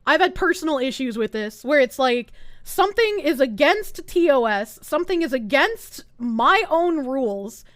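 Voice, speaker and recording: A woman's voice: sits high, sing-song, normal speed, fairly bright tone, no echo, clean studio sound. A woman streamer ranting live in heated, sarcastic, profane commentary. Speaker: Twitch streamer.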